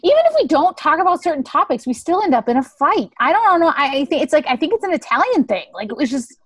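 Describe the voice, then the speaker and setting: A woman in her thirties hosts a casual podcast chat, her voice sitting high and bright in pitch. She is agreeable and laughs along easily, recorded close and dry with little room sound. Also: very animated, fast talker, no room sound. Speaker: comedian and podcast host.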